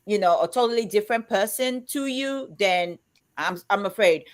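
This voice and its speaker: A woman in her fifties who talks loudly and emphatically, as if shouting, chatting on a live show. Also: mid-range voice, lively intonation, moderate pace. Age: 50s. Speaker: co-host of a live chat show. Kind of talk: casual chat.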